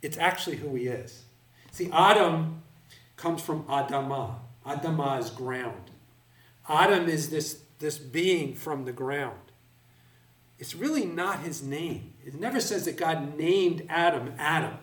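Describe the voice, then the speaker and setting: A man leads a Bible class in a roomy hall, and his voice carries from some distance away from the microphone. His delivery is slow and deliberate as he explains each word carefully, and his voice sits a little higher than most men's. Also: fairly bright tone. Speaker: Bible teacher. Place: room with a live audience.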